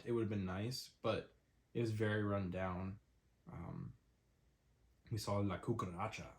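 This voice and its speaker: A young man with a stuffy, congested nose hosts his own podcast alone. His voice sits a little low, and he rambles casually from one thing to the next, dropping frequent "um"s along the way. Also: creaky, a little mellow. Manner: rambling, lots of "um" fillers. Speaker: podcast host. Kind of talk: casual solo podcast chat.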